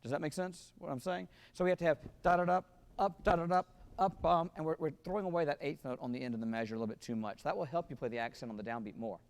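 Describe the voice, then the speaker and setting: A man's voice: mid-range voice, rapid-fire, few pauses, a little mellow, long reverb tail. A man rehearsing a wind band as a clinician, singing rhythms with syllables and counting the players in.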